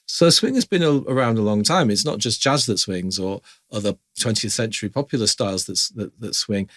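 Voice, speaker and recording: A man's voice: fairly low pitch, lively intonation, a little fast, a bit bright, dry recording. A man teaching piano in a chatty, informal way, stopping to sing rhythm syllables aloud as he explains. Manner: chatty, scat-sings rhythms while explaining. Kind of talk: informal music lesson.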